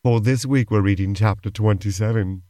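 A man co-hosting a role-play podcast, playing along in a dry, mild and unhurried way. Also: fairly low pitch, mellow, dry recording. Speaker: co-host and player.

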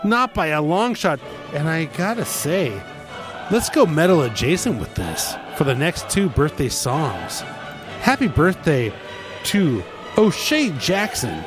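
A man hosting a radio show in casual disc jockey patter, chatty with wry asides and quick self-corrections. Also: a little high, sing-song. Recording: music playing under the voice. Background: music.

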